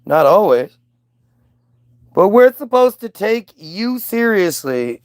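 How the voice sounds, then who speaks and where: A man's voice: high voice, big pitch swings, takes it slowly, no echo. A man ranting in casual commentary, sarcastic and profane, mocking people as he reacts to clips.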